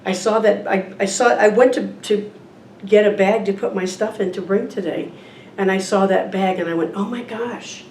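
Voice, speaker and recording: Here a woman delivers an informal sermon as a guest at a church service, reading a picture book aloud and asking listeners questions in a conversational way. Her mid-range voice is darkish and steady, at a moderate pace. There's slight background noise, and the echoey room, distant mic and faint ambience are audible.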